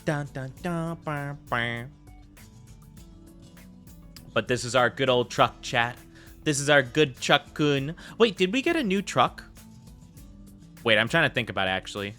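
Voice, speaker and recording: A man's voice: mid-range voice, big pitch swings, moderate pace, pushed and bright, faint music behind. A man chatting casually with viewers on a live game stream, rambling and giggly with lots of filler words.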